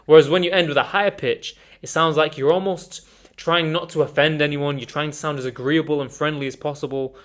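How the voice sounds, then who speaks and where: A man teaching an online communication course in an energetic, emphatic way, calling his viewers guys. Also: a little high, brisk. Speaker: communication coach.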